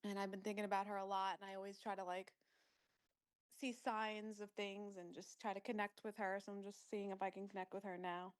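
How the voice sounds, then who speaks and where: A woman's voice: medium pitch, level tone, fairly quick, clean tone. A woman taking part in a live channeling call who sounds shy, hesitant and emotional. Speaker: session participant. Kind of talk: casual live video chat.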